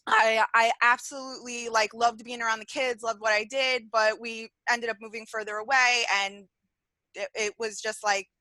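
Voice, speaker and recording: Female caller, 30s, bright slightly high voice, eager and rambling. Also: moderate pace, no echo. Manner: excited, rambling, with many fillers. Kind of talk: excited call-in chat.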